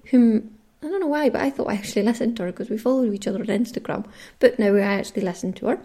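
With a fairly high pitch and a darkish tone, a woman speaking in a Caithness accent from Scotland's far north runs her own casual podcast. She chats alone and reads out lists of listeners' names.

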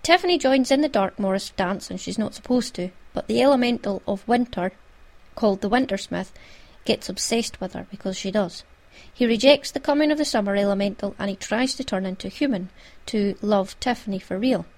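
A Scottish woman hosts her own podcast in a relaxed, chatty way. She talks at an everyday middle pitch and keeps slipping in little asides. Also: fairly quick. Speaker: podcast host. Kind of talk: casual podcast chat.

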